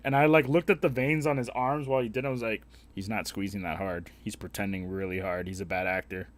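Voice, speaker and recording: A young man streaming a game, telling a story in a blunt, heavily profane, animated way. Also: fairly low pitch, fast talker, slight background noise. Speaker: live streamer. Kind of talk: casual storytelling while gaming.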